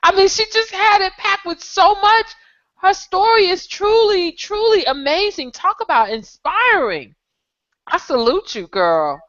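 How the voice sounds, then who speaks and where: A woman host with a high, bright voice that swoops up and down as she exclaims over a guest's message. She reads viewer comments aloud with lots of energy, and the sound is dull and lo-fi. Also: animated, a little slow. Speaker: show host. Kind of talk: live online show chat.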